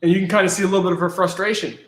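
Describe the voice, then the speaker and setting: A man's voice: sits high, fairly even intonation, very fast, a bit bright, roomy sound. A man, a guest creator, eagerly explaining his work in casual interview chat, often repeating words as he goes.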